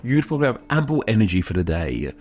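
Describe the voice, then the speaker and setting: Lively low-voiced British man explaining. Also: quick pace. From United Kingdom. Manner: chatty, self-mocking asides. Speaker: YouTuber explaining idioms. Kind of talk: scripted explainer narration.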